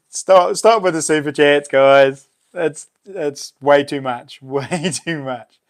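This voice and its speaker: A man hosting a casual livestream chat, laughing often and reacting excitedly to viewers. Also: fairly high pitch, drawn-out words. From New Zealand. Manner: chatty, laughs often, exclaims. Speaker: livestream host.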